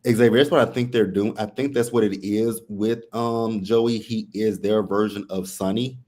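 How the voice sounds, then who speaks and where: A man co-hosting a soap opera recap livestream, laid-back and quick to laugh. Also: on the low side, steady tone, dark tone. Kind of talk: casual livestream chat.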